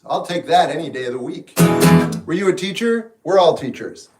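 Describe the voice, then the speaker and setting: A man hosting a livestream, answering chat questions in a relaxed, frank, musing way. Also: a little high, fairly quick. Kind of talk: casual live chat. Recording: echoey room, mic at a distance. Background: guitar music in the background.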